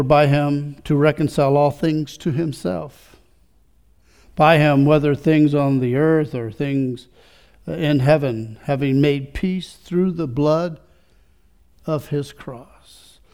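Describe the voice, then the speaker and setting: A male pastor with a fairly high-pitched voice preaches a sermon full of rhetorical questions, moving back and forth between quiet reflection and rising fervor.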